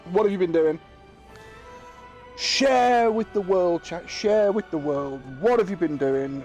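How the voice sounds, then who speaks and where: A man's voice: high voice, unhurried, a little mellow, faint music behind. A man, chatting casually and joking with viewers while streaming a game. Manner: chatty, jokey, talks to his viewers. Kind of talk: casual live-stream chat.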